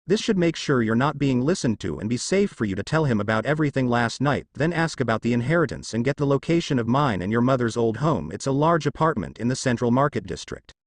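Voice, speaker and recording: Calm businesslike father figure, measured and instructive, a man narrator reading him. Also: mid-range voice, dry recording. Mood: serious. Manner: explanatory, measured.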